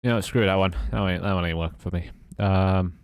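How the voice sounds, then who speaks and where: A man's voice: low-pitched, fast talker, clear, resonant tone, dry recording, studio quality. A British man streaming live, muttering and swearing at his code between casual chats with his viewers. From Britain. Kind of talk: casual live-stream chat while coding.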